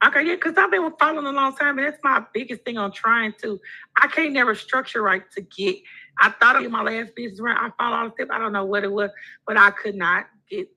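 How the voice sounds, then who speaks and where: A woman's voice: fairly high pitch, a little fast, creaky, pushed and bright, poor audio. A woman calling into a live show, asking questions in an eager, chatty way and explaining at length.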